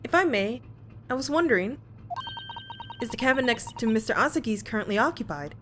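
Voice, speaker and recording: A woman's voice: fairly high pitch, animated, brisk, background noise, close to an everyday voice. A woman voicing a polite, hesitant young male student lawyer as she reads game dialogue aloud. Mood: inquisitive.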